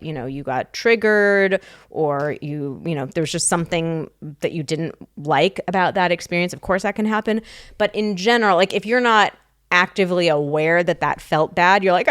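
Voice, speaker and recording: A woman sex therapist co-hosting a podcast, frank and animated, with a smooth, clear voice. She laughs easily and explains things in a relaxed, candid way. The sound is dry and close on a studio mic. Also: fairly low pitch, no echo. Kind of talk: casual podcast chat and advice.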